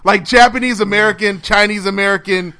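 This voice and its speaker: A man co-hosting a casual podcast chat, animated and acting out incredulous quotes with laughs. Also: high-pitched, a little fast. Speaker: podcast co-host. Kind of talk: casual chat over a phone call.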